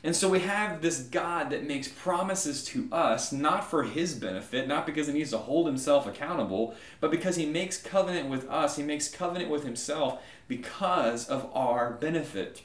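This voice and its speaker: A man preaching a sermon, animated and conversational, often checking in with a quick "right?". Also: medium pitch, roomy sound. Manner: animated storytelling, frequent "right?" asides. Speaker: pastor.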